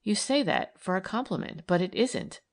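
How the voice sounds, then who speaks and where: A woman's voice: medium pitch, expressive, moderate pace, natural voice. A woman reading aloud and voicing an earnest, idealistic young woman who argues eagerly and persuasively.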